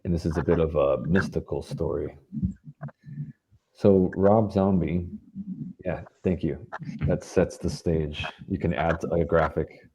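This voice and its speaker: A young man from Los Angeles, a band member being interviewed, telling tour stories in a casual, animated way and acting out quotes. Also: low-pitched, measured pace, pauses often, slight background noise. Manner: animated storyteller, acts out quotes.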